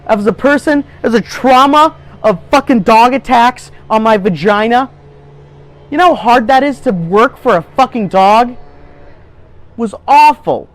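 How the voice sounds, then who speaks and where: A man's voice: very high-pitched, animated, unhurried. A man telling crude, rambling, indignant stories in an improvised mock band interview. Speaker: comedy troupe performer.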